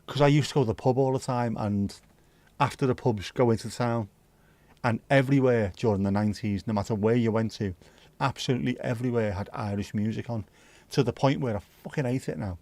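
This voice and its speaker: Middle-aged Scouse male streamer, loose rambling sweary chat, mid-pitched, dry sound. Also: brisk, mellow, no room sound. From Liverpool, England. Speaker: livestream host. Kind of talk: casual chat to live chat.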